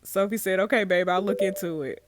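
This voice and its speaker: A woman's voice: medium pitch, steady tone, a little fast, no echo, studio quality. A young woman hosting a let's play, reading messages aloud and reacting with laughter and slang. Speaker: gaming host.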